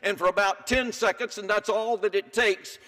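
Older man, pastor, high voice, church sermon, hushed then emphatic. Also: fairly even intonation, normal speed. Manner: dramatic swings between hushed and emphatic. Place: church sanctuary.

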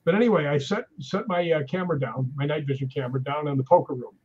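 Husky-voiced man telling ghost stories. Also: a little high, fast, muffled recording. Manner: animated anecdotes with acted-out quotes. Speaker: guest. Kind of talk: casual storytelling chat.

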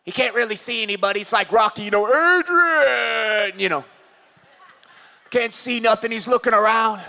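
During a church service, a pastor with a Californian accent delivers a sermon in a very high, bright, ringing voice. He talks fast with little pitch movement, repeatedly breaking into loud, impassioned shouts as he acts out scenes for the congregation.

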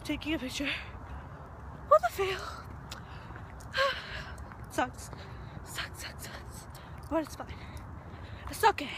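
A woman's voice: sits high, very animated, drawn-out words, pauses often, background noise. A young woman in her twenties chatting casually to the camera as a vlogger, giggly and chatty while she is out and about. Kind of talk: casual vlog chat. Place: in a car and outdoors in a park. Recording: music playing behind.

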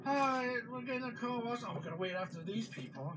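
A woman's voice: fairly high pitch, expressive, brisk, noisy background. A woman vlogging from her van, chatting casually and scolding her kids in exasperated outbursts. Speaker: family vlogger. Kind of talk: casual vlog chat. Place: inside a van.

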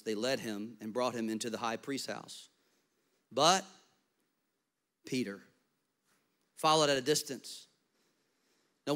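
A man preaching a sermon as pastor, animated in storytelling and dropping to soft, intimate tones. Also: fairly high pitch.

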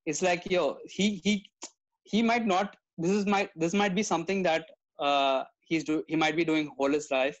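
High-voiced man interviewing a guest. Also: steady tone, normal speed, dull audio. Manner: reflective, laughs easily, muses aloud. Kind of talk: casual conversational interview.

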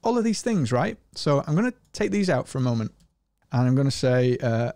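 A man with a Scottish accent hosting an energetic screen-share tutorial, talking with enthusiasm. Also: fairly quick, no room sound, clean studio sound. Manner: energetic and enthusiastic, often rising in pitch. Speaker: host.

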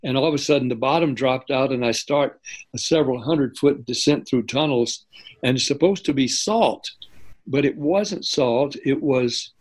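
An older man, a guest in an interview, telling lively anecdotes and often stopping to correct himself. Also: medium pitch, moderate pace, rough recording. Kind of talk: interview storytelling.

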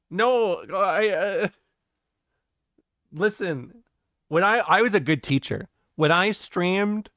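Jokey, rambling streamer guy, slightly high voice. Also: a bit bright, dry recording, clean studio sound. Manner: rambling and jokey, swears, laughs often, reacts to chat. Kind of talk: casual live-stream chat, reading chat aloud.

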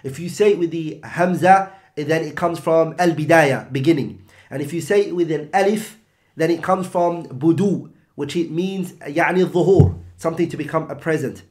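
A man's voice: on the high side, a little fast, a little mellow. A man teaching an Islamic text, explaining in English with Arabic terms and rhetorical questions.

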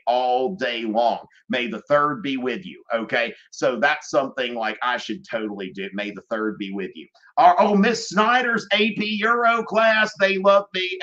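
A man teaching on a live review stream, chatting casually with lots of fillers and shout-outs to classes. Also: mid-range voice, lo-fi sound. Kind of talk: casual livestream chat.

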